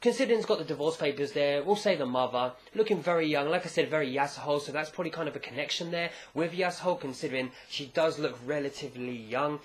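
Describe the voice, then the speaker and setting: A man casually recapping a comic chapter, rambling and animated, with jokey asides. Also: on the high side, quick pace, hardly any pauses. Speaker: manga chapter reviewer.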